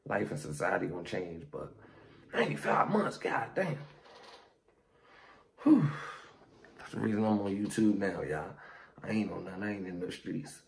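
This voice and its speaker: A young man, ranting casually to camera in a slangy, animated vlog. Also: deep voice, normal speed, vocal fry, a little hiss or hum. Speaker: YouTuber.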